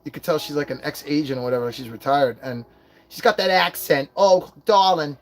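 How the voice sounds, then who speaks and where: A man's voice: medium pitch, fairly quick. A man in his forties, hosting a casual livestream and telling a rambling, profane story. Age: 40s. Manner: profane, rambling storytelling with put-on quoted voices. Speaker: livestream host.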